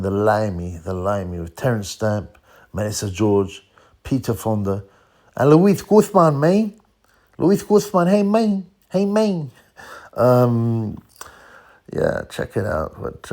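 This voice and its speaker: A man's voice: fairly low pitch, a little mellow. A middle-aged man, chatting casually about a film in a loose, rambling way full of fillers and the odd curse. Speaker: boxing channel host.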